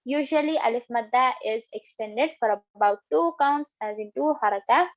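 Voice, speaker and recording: A woman's voice: a little high, normal speed, lo-fi sound. A woman teaching a recitation lesson step by step, patiently repeating each example several times.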